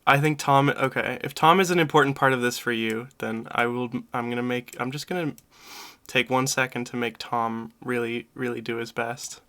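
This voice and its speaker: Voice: mid-range voice, steady tone, normal speed, pushed and bright. A streamer chatting casually while playing a game with friends, rambling and self-interrupting. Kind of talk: casual gameplay stream chat.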